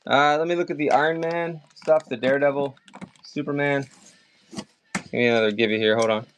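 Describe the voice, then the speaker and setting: A livestream seller with a Maryland accent and a mid-range voice chats and rambles through a casual comics auction, calling bids fast in fairly even intonation. A little hiss or hum is audible.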